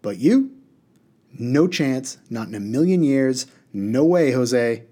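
A cocky storybook water genie who rattles off one slang phrase after another, high and loud and full of swagger, the way a man reading aloud to a class puts him on. he teases and boasts in every breath. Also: animated, slow pace. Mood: boastful. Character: brash, slangy, fast-talking male water genie.

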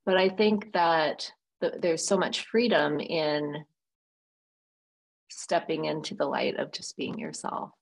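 Low husky woman with a gravelly edge. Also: steady tone, takes it slowly, poor audio. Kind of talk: casual conversational interview.

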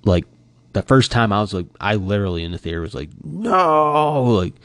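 A man's voice: low voice, fast talker, clean tone, no echo. A middle-aged man talking casually to camera, retelling a movie reaction with lots of "like" and acted-out quotes. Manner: animated, acting out quoted reactions, heavy use of "like". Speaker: vlogger.

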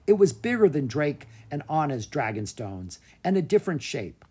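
A narrator reads a children's dragon adventure with a slightly breathy, husky tone. The delivery swings up and down in pitch, keeping the story animated for young listeners. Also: normal speed. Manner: lively read-aloud with voiced characters. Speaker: audiobook narrator.

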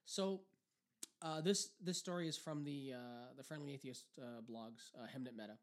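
Profane, laughing podcast host. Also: male voice, mid-range voice, moderate pace. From Canada. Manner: profane, laughing, rambling with restarts. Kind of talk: casual chat.

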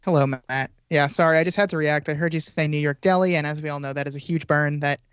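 A man's voice: fairly high pitch, fairly even intonation, quick pace, fairly bright tone, clear, resonant tone, dry recording, muffled recording. A man co-hosting a podcast, recapping a film in a casual, jokey way. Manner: laughs easily, jokey. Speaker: podcast co-host.

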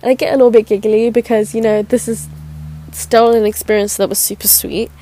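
A woman's voice: on the high side, level tone, fairly quick, warm tone, slight background noise. A young woman telling a personal story in casual chat, giggly and rambling with many fillers and restarts. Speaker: podcast host.

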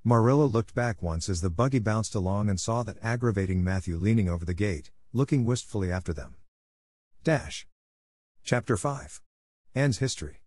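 A man narrating a classic novel as an audiobook, in a measured, plain storytelling manner. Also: lowish voice, a little mellow, dry recording, clean studio sound.

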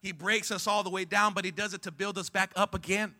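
High, bright-voiced preaching man. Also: steady tone, brisk. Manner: calls on the congregation to respond; swings from hushed to loud, rising passion. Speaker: pastor. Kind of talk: sermon.

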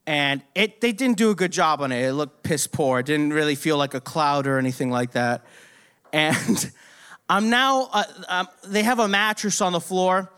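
A young man telling a story in a casual, profane, animated way, laughing often. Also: fairly high pitch, moderate pace, smooth.

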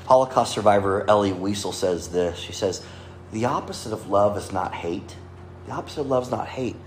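A man's voice: on the low side, a little hiss or hum. A man preaching a sermon, earnest, quoting scripture and lifting or dropping his voice for emphasis. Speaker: pastor. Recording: echoey room with faint ambience.

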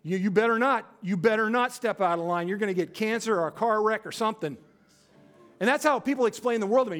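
High-voiced pastor telling a story. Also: male voice, a little fast, soft background music. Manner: storytelling, animated, acts out quoted voices; drops to a low quiet voice for emphasis. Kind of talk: sermon.

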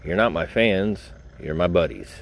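A man's voice: deep voice, lively intonation, normal speed, vocal fry, noisy background. A man hosting a podcast, telling a personal story in a casual, rambling, informal way and addressing his listeners directly. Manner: rambling, informal, swears, talks straight to listeners. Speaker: podcast host.

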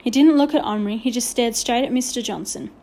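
Mellow woman reading a storybook. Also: fairly high pitch, brisk. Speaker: narrator. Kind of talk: storybook narration.

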